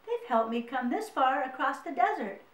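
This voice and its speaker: A woman's voice: high voice, sing-song, normal speed, far from the mic. A woman voicing a young male mouse, a hopeful dreamer who talks earnestly and politely. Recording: roomy, mic set away.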